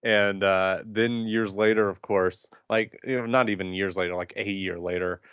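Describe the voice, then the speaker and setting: A fairly low-voiced man co-hosting a podcast, animated and laughing, stumbling over restarts. The audio is slightly dull and dry. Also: normal speed, clear, resonant tone, no echo. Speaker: podcast co-host. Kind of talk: casual podcast chat.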